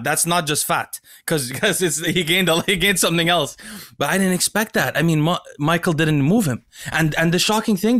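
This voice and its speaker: Excitable man hosting a casual chat. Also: on the high side. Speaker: podcast host. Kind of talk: casual conversation.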